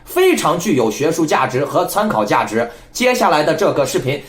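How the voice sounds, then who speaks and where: Emphatic man lecturing, lively pitch. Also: brisk, echoey room, soft background music. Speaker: political commentary host. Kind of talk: casual political commentary.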